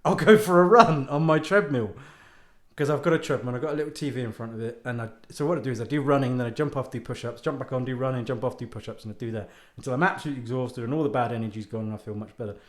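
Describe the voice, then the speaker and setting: Speaking very fast with few pauses, this medium-pitched British man hosts his own podcast from an echoey room. He's an author whose casual monologue rambles and rants, full of self-mockery and free swearing.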